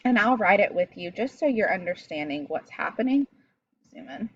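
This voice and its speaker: A woman's voice: mid-range voice, lively intonation, normal speed, dull audio, slight background noise. A woman teaching a recorded reading lesson, explaining step by step and talking directly to her pupils.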